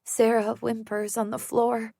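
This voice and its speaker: Woman audiobook narrator, tense first-person thriller read, slow pace, dry sound. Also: on the high side, little pitch movement, vocal fry, warm tone, dry recording.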